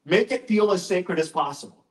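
A man's voice: high voice, expressive, moderate pace. A male pastor giving an informal, conversational talk, often interrupting himself with asides and jokes. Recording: roomy echoing room.

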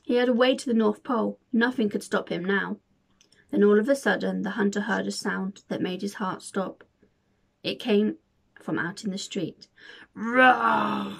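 Gravelly-voiced woman reading a storybook aloud. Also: medium pitch. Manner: expressive, dramatic storytelling. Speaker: volunteer reader.

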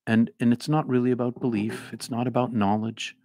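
A middle-aged man with a faint Boston accent, hosting a casual livestream and reading viewer comments in an animated, rambling way that restarts often. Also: mid-range voice, brisk, no room sound, studio quality. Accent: Boston, mostly trained out. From Boston area.

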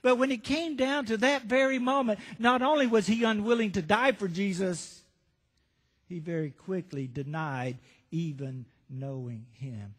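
Male pastor, sermon storyteller, high voice; reverberant sanctuary. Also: unhurried. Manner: storytelling, rhetorical questions to the congregation. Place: church sanctuary. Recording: reverberant church hall.

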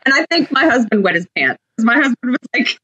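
A woman's voice: on the high side, big pitch swings, fast talker, sharp tone, breathy edge, muffled recording. A woman guest on an interview show, chatty and enthusiastic, telling stories with animation. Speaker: guest, shopping TV host. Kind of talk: casual interview chat.

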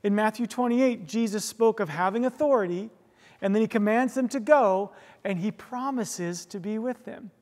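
Earnest pastor preaching in a reverberant hall. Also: male voice, high-pitched, normal speed, a little mellow. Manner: storytelling, earnest, frequent restarts and "right?" asides. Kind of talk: sermon. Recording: long reverb of a large hall.

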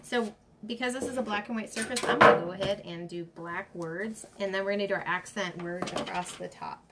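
A woman's voice: mid-range voice, steady tone, brisk, very noisy. Chatty woman crafting on a livestream. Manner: chatty, greets viewers by name mid-task. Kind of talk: casual how-to demonstration.

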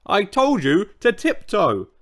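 A man's voice: mid-range voice, sing-song, unhurried, a bit bright. A man voicing a grumbling, bossy old male triceratops in a children's storybook. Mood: angry. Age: older.

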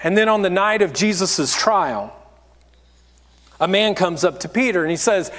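High-voiced male pastor in a reverberant hall. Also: animated, moderate pace, fairly bright tone. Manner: candid, self-deprecating storytelling. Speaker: lead pastor. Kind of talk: sermon.

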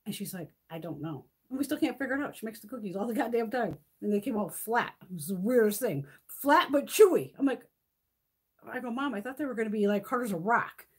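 A chatty middle-aged woman hosting a livestream, talking off the cuff and swearing freely as she tells a story. Her voice sits a little high and has a husky edge. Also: expressive, quick pace. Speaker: beauty livestream host. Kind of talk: casual livestream chat.

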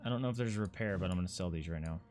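A man doing casual let's-play commentary, swearing and excitable as he talks to himself and his viewers. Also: low-pitched, rapid-fire, soft background music. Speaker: gaming streamer.

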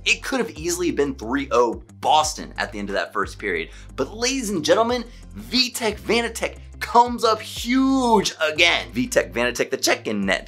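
A man who is a hockey fan vlogger, giving an excited solo game recap, emphatic and stumbling over his words when worked up. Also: mid-range voice, breathy edge.

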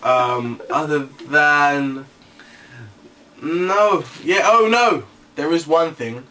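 A man's voice: fairly high pitch, drawn-out words, pushed and bright, far from the mic. A young man in casual chat as co-host, jokey and profane, laughing often. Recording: faint background hiss.

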